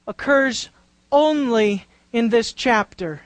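A woman's voice: on the high side, lively intonation, measured pace, pauses often, no room sound, low-quality recording. A woman preaching a Bible-teaching sermon, drawing out key words for emphasis and putting questions to the congregation.

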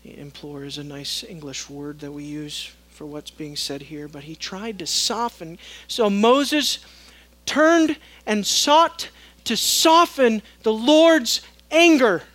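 A pastor preaching a sermon, swinging between loud emphatic passages and hushed low tones, acting out the voices of the people in his text. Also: slow pace, poor audio. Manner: acts out quoted voices of God and Moses.

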